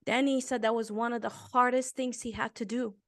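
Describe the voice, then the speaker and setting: A woman in her fifties from Romania, a guest author telling a personal story in an interview, earnest and emotional, swelling and dropping to a hush. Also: fairly high pitch, fairly even intonation, fairly quick. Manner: earnest and emotional, with intense swells and hushed drops.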